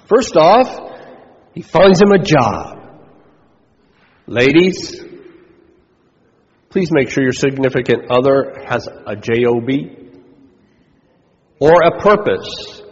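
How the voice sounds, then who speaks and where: A man's voice: medium pitch, lively intonation, slow pace, long pauses. A preaching man in an echoing hall. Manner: conversational preaching, asks the congregation questions. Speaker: pastor. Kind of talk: sermon. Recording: dull recording with long hall reverb.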